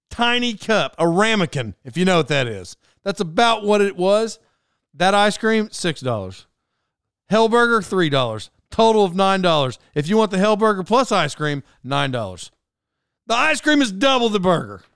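A young man rattles through a personal story in a casual, rambling way, often breaking off mid-sentence for side notes. His voice sits a little high and sounds smooth and clear. The recording is close and dry. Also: no room sound. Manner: animated, self-interrupting. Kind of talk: casual anecdote monologue.

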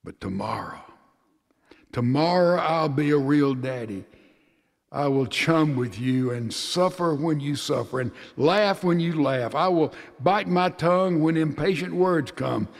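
A man preaching a sermon and reading a father's letter aloud in a slow, tender, emotional way that sinks to hushed tones. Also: fairly high pitch. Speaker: pastor. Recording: long reverb of a large hall.

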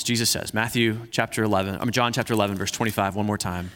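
A man preaching a sermon, earnest and halting, who repeats himself and slows down to read scripture softly. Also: on the low side, fairly even intonation, long reverb tail. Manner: earnest, restarts often, reads scripture slowly and softly. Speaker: pastor.

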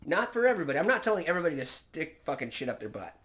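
A man's voice: fairly high pitch, sing-song, rapid-fire, fairly bright tone, a little hiss or hum. A man co-hosting a casual chat, crude and joking, rambling through stories. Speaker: podcast co-host.

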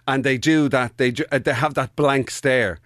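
A man's voice: medium pitch, fairly even intonation, moderate pace, a bit bright, dry recording, studio quality. A man co-hosting a podcast in casual chat, laughing often and jumping in with questions. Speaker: podcast co-host.

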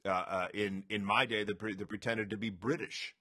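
A man co-hosting a podcast in casual chat, halting and repeating words as he thinks. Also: on the low side, fairly even intonation, sharp tone, slightly rough. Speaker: podcast co-host.

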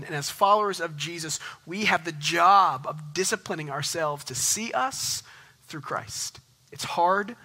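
A man's voice: a little high, sharp tone. A man in his thirties, a pastor preaching an earnest, conversational sermon that builds to emphatic peaks.

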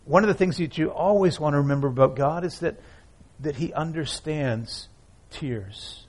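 A man preaching a sermon as pastor, reading scripture aloud and swinging from loud emphatic lines to hushed, near-whispered ones. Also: on the high side, moderate pace, slightly rough. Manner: reads scripture aloud with feeling.

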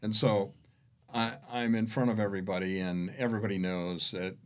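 A man, a real estate executive, telling anecdotes as a podcast guest, shifting between hushed and emphatic delivery. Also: lowish voice, steady tone, normal speed. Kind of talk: conversational storytelling.

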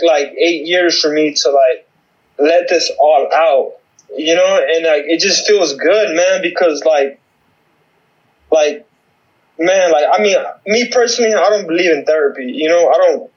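A man speaking as an interview guest, giving a halting personal testimony full of fillers, heard over a remote call. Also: fairly high pitch, lo-fi sound. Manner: halting, many fillers and restarts.

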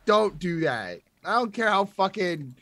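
A man's voice: sits high, big pitch swings, measured pace, fairly bright tone, slight background noise. A young man co-hosting a casual music review chat, blunt and emphatic, often restarting his sentences. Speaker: podcast co-host reviewing music.

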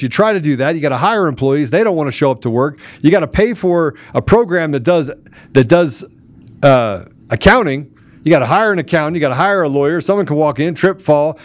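A man's voice: a little high, expressive, fast, dry recording. A man hosting a political podcast, ranting angrily and with heavy emphasis. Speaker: podcast host. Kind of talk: heated political commentary.

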